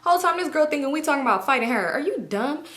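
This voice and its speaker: A young adult woman telling a casual storytime, animated, swearing freely and acting out what people said. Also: sits high, racing. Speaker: YouTube storyteller.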